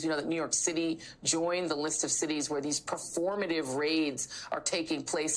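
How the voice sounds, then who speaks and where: A woman's voice: low voice, a bit bright, poor audio. A woman hosting a televised news show who builds long, pointed framing questions before handing off to her guest.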